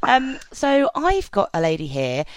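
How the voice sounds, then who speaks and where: A woman's voice: medium pitch, huge pitch swings, unhurried, clean tone, no echo, poor audio. Chatty joking podcast host woman. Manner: chatty, joking, loose and rambling. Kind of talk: casual podcast interview.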